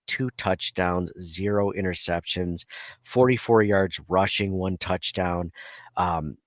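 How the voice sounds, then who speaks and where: A man's voice: sits low, no echo, studio quality. A man in his forties co-hosting a casual sports podcast, rambling and laughing as he acts out little quotes. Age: 40s. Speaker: podcast co-host.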